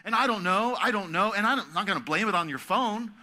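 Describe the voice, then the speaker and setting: A man giving a sermon at a youth camp. He talks in a conversational way and swings from loud, emphatic stretches to soft, hushed ones. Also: high voice, lively intonation, fast talker. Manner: conversational, asks the audience to repeat words.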